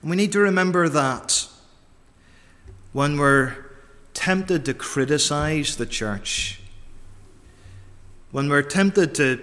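Slow, emphatic preacher in reverb. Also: male voice, on the high side, expressive, fairly bright tone. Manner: deliberate, repeats key phrases for emphasis. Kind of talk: sermon. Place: church. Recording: long reverb of a large church.

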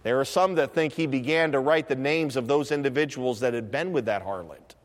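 A man preaching a sermon, swinging between loud, high proclaiming and hushed, low asides. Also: a little fast. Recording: long reverb of a church hall.

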